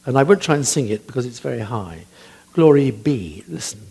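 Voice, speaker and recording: An older man with a husky voice, a church composer telling chatty anecdotes about music, hesitant with frequent ums. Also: mid-range voice, lively intonation, quick pace. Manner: chatty, hesitant with many ums, laughs at his own stories. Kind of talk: anecdotal talk.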